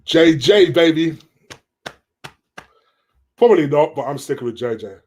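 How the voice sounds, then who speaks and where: A man's voice: a little high, expressive, measured pace, darkish tone. A man hosting a casual live stream, reading viewers' questions aloud and answering them in a chatty way.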